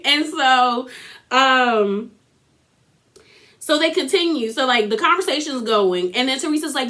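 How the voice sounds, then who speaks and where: A woman recaps reality TV in a loose, chatty way. Her voice sits a little high, and she laughs easily and keeps dropping mocking asides as she goes. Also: slow pace, pushed and bright. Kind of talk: casual recap commentary.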